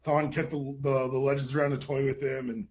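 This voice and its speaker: A man co-hosting a casual TV recap podcast, enthusiastic and quick with his reactions. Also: medium pitch, little pitch movement, darkish tone, dull audio. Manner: fast, enthusiastic, quick interjections. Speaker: podcast co-host.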